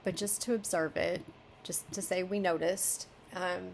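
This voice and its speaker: A woman critiquing a fellow writer's chapter, reading passages aloud and thinking out loud as she second-guesses herself. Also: fairly low pitch, fairly even intonation, a little slow, gravelly, slight background noise. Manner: musing, self-questioning, flip-flops between options. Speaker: beta reader giving writing critique.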